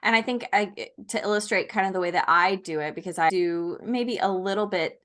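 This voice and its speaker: A woman hosts a podcast and interviews her guest. She keeps the tone relaxed and conversational, scattering casual fillers through her speech as she asks open questions. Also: medium pitch, fairly quick. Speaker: podcast host.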